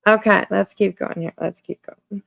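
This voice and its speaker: A woman's voice: medium pitch, fairly even intonation, normal speed, creaky, no echo. A woman hosting a livestream, greeting viewers in casual chat and repeating herself with many fillers. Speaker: livestream host.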